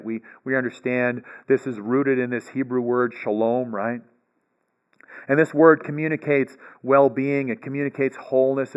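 A man's voice: mid-range voice, clean tone, muffled recording. A man giving a bible lecture, explaining step by step and often checking in with "right?". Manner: explanatory, frequent "right?" check-ins and restarts. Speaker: bible teacher.

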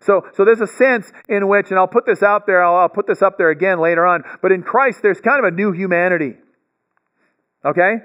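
Speaking a little fast in a smooth, high voice with a fairly bright tone, a male bible teacher delivers a lecture over dull audio. He lays things out step by step, keeps checking in with "right?", and often restarts.

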